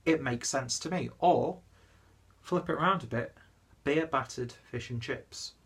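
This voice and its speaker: Young man from northwest England, mid-pitched, slightly tipsy, rambling and self-deprecating, beer-vlog host. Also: a little slow, fairly bright tone, slightly rough. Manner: rambling, chatty, self-deprecating, lots of fillers. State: slightly tipsy after a pub trip. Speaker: beer reviewer. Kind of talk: casual beer review vlog.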